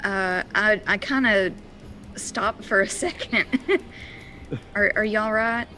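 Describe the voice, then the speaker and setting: A woman playing a tabletop game, speaking hesitantly and halting over her words. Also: medium pitch, sharp tone, faint music behind. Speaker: player. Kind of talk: tabletop game role-play.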